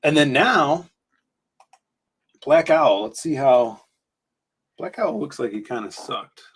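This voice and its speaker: Male stream co-host, mid-range voice, slightly hoarse, rambling casual chat. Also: medium pitch, expressive, slow pace. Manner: rambling, flipping through comics and commenting. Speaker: co-host of a comics talk stream.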